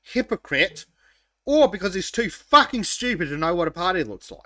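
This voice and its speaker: Male podcast co-host, bright tone, laughs a lot, swears, dry close mic. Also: high-pitched, big pitch swings, normal speed, dry recording. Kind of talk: casual chat.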